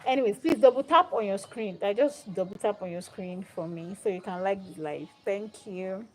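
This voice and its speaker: A young woman hosting a live stream, telling a Bible story in a casual, animated and dramatic way. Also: mid-range voice, moderate pace, rough recording. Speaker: livestream host.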